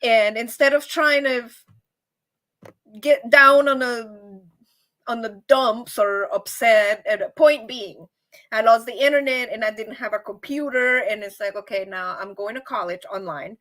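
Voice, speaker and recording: A woman with a high voice hosts a casual live-stream chat. She talks to her viewers in an upbeat, rambling way, often repeating words and laughing along the way. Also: unhurried, a bit bright.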